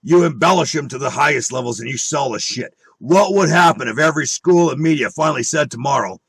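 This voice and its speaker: A man's voice: on the high side, animated, a little fast, fairly bright tone, husky, no room sound. A man on an angry monologue full of swearing and rhetorical questions. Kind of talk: angry profane rant.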